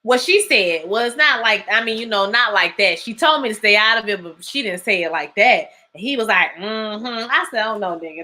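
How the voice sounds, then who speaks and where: A woman's voice: medium pitch, lively intonation, normal speed, hardly any pauses, sharp tone. A woman hosting a live recap of a TV drama, telling the story in a casual, slangy way, acting out the characters' lines and laughing often. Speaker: TV recap host.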